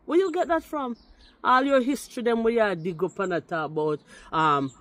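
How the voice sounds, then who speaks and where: A woman from Jamaica with a Jamaican accent who speaks English mixed with patois and gives an indignant, forceful rebuttal aimed straight at someone. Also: fairly low pitch. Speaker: commenter responding to a video. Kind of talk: heated rebuttal talk.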